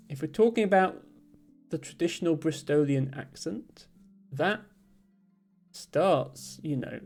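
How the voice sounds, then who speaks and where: A man chats casually on a live stream, reading out viewers' comments and mulling over each one. His voice sits slightly high, and his talk meanders with frequent ums and self-corrections. Soft music plays faintly beneath him. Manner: thoughtful, rambling, with many ums and restarts; reads out viewer comments and answers them.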